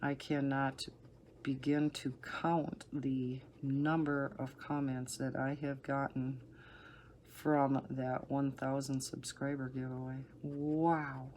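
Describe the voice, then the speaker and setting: A middle-aged woman with a low, soothing voice, chatting casually and rambling with soft laughs while she colors. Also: level tone, slow, slight background noise. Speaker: coloring channel host.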